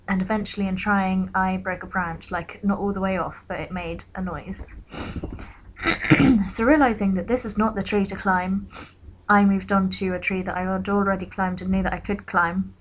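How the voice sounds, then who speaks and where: Young woman softly telling a personal story. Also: mid-range voice, fairly even intonation, normal speed, a little hiss or hum, low-quality recording. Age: young adult. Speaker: vlogger.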